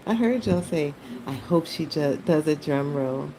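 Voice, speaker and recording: Laid-back low-voiced woman chatting to chat. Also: lively intonation, a little slow, crowd noise, poor audio. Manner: chatty, laughs often, talks to chat. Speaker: art livestreamer. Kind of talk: casual livestream chat while drawing.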